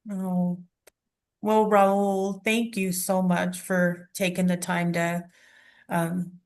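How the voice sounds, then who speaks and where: A woman hosts a casual interview in a fairly low voice. She speaks earnestly and with open gratitude. She often adds soft murmured affirmations while the other person talks. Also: level tone, very slow. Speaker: interview host. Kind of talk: casual conversation.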